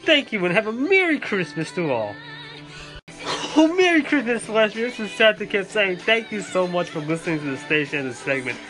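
A cheerful man in a Santa persona runs a holiday shout-out segment, his pitch bouncing up and down. Faint music hums behind him. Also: big pitch swings, a little fast. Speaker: podcast host in a Santa persona.

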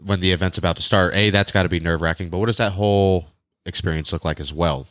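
A man with a deep voice, hosting a podcast in a relaxed way. His questions wander and trail on. The recording is dry and close. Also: quick pace, dry recording. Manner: easygoing, asks long meandering questions. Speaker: podcast host. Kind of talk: casual interview chat.

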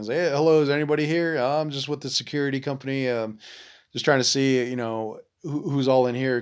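Rambling casual man telling a story. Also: mid-range voice. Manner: rambling, many fillers and restarts, swears freely; acts out quoted voices in lively bursts. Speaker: podcast host.

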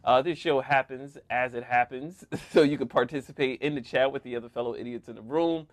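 A man's voice: medium pitch, brisk, no room sound. A man co-hosting a casual podcast, joking around and laughing often as he talks. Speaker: podcast co-host. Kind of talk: casual chat.

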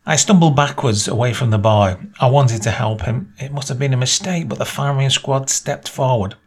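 A man reading a short story aloud as narrator, in a measured storytelling manner. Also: husky. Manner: measured storytelling, voices dialogue with small pitch lifts.

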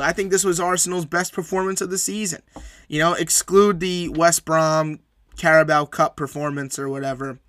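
Bright-voiced man recapping football. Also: on the high side, no room sound, clean studio sound. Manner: opinionated, emphatic predictions with repeated phrases. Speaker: sports podcast host. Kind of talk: solo sports recap.

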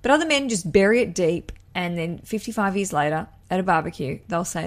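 A woman's voice: fairly low pitch, animated, a little fast, few pauses. A young Australian woman hosting a wedding podcast, giving a listener chatty, enthusiastic advice with rambling asides. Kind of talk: casual advice chat.

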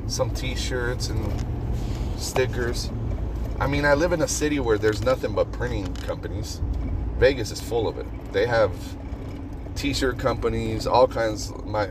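A man with a very low voice hosts a casual solo podcast and brainstorms out loud, rambling and swearing freely. He records on a phone, and clear traffic and car noise sit behind him. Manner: rambling, profane, brainstorming aloud. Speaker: podcast host.

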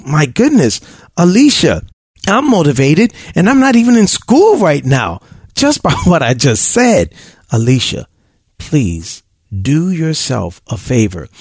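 A man's voice: on the high side, a little mellow, breathy edge, no echo, clean studio sound. A man hosting an advice podcast, talking in an emphatic, preachy way and laughing often.

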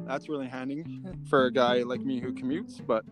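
A man's voice: mid-range voice, steady tone, normal speed, over music. A man from Alberta co-hosting a podcast, bantering and joking in casual chat. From Alberta, Canada. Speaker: podcast co-host.

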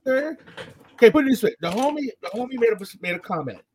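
A young man co-hosting a podcast, telling stories in an animated, profane way. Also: extremely high pitch, brisk, slight background noise. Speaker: podcast co-host. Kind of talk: casual chat.

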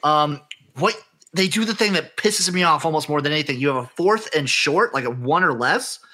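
A man co-hosting a casual sports podcast, his fairly high voice bright and forceful. He rants with plenty of profanity and sounds exasperated with the teams he follows. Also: lively intonation, normal speed. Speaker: podcast co-host.

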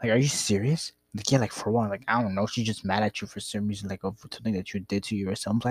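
A man's voice: lowish voice, a little fast, a little mellow, slightly rough, no room sound. A young man casually telling a rambling, profane story about his past. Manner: rambling, profane, laid-back.

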